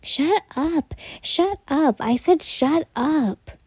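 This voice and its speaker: Woman as a jealous cat-eared fighter, hot-tempered, swearing, defensive, very mellow voice, whispered role-play. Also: mid-range voice, measured pace, no room sound, lightly acted. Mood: shouting.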